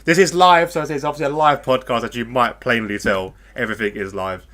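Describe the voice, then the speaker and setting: A man's voice: mid-range voice, quick pace, pushed and bright. A man from the UK hosting a casual live podcast, chatty and rambling, with fillers and frequent laughs. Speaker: podcast host.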